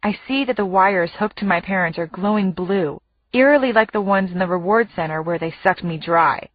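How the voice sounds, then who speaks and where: A woman's voice: on the low side, moderate pace, lo-fi sound. A woman narrating a first-person audiobook in a vivid, dramatic way.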